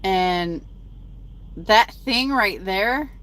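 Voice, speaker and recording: A woman's voice: mid-range voice, animated, very slow, fairly bright tone. A woman truck driver chatting casually on a phone live stream from her cab at a truck stop, reading viewer comments aloud.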